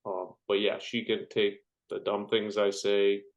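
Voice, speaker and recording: A man's voice: lowish voice, level tone, measured pace, highs cut off. Joking young man telling stories. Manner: joking storyteller, acts out quotes. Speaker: guest, firefighter. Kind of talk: casual conversation.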